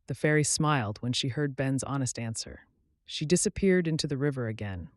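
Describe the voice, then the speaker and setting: Clear, expressive male storyteller, medium pitch with a lot of lift, dry close sound. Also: a little fast, dry recording. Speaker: channel host and storyteller. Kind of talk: scripted story narration for English learners.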